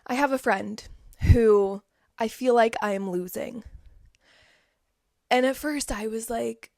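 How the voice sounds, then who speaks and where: A woman's voice: fairly high pitch, takes it slowly, creaky, pauses often, no room sound, clean studio sound. Emphatic young woman giving pep talk. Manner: emphatic, repeats key words, drops to soft asides. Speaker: host. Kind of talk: casual motivational talk.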